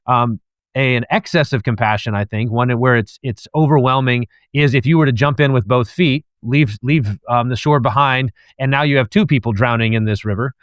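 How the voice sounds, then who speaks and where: A man's voice: mid-range voice, moderate pace, dry recording. A man who is a guest author and professor, thoughtfully laying out an analogy step by step in a discussion. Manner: thoughtful, lays out ideas step by step.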